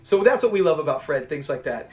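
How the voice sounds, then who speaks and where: A man's voice: on the high side, very animated, fast, darkish tone, muffled recording, faint music behind. A man hosting a casual episode breakdown, talking in an enthusiastic, rambling fan style. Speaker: host of a show-review channel.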